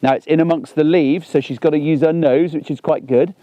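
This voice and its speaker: A man, talking through a gun dog training session outdoors on a lawn, chatty and animated. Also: fairly high pitch, fairly quick, dry recording, muffled recording. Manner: chatty and animated, bursts into excited exclamations.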